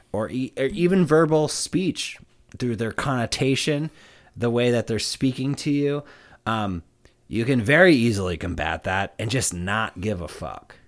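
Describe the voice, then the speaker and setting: A man co-hosting a podcast in casual chat, blunt and laid-back, swearing freely. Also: medium pitch. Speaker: podcast co-host.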